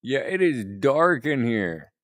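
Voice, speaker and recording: A man's voice: mid-range voice, fairly bright tone, dry recording. A man streaming a game and chatting playfully with his viewers, calling them folks. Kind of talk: casual game-streaming chat.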